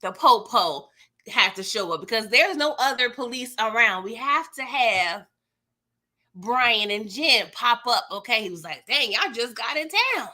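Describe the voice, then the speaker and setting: A woman's voice: a little high, lively intonation, measured pace, sharp tone. A young adult woman hosting a live TV recap stream, chatting casually and expressively with slang and frequent laughter while she reads out viewer comments.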